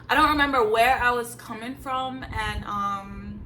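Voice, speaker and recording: A woman's voice: fairly high pitch, a little slow, sharp tone, a little hiss or hum, rough recording. A young woman from Jamaica, telling a personal story in a blunt, emphatic way with casual slang. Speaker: vlogger. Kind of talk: candid storytime vlog.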